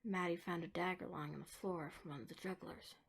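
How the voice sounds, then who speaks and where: A woman narrating a dark story, moving between hushed whispers and emphatic lines. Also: on the low side, fairly even intonation, a little fast, vocal fry, a little hiss or hum.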